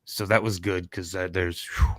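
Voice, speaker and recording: A Kansas man co-hosts a podcast, talking casually in a relaxed, rambling style that trails off and starts over. His voice is deep and level, at a moderate pace, with clean studio sound and no room echo.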